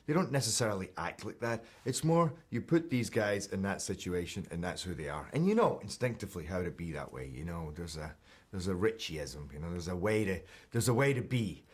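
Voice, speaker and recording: A Scottish man in his thirties talks through an interview at an easy pace with a very low voice. He sounds relaxed and self-deprecating, often restarting his sentences as he thinks aloud. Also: fairly quick, breathy edge. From Scotland. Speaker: actor interviewee. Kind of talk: casual interview chat.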